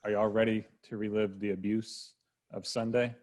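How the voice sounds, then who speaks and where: Low-voiced man with dry quips. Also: level tone, normal speed, a little mellow. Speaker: podcast co-host. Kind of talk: casual sports chat.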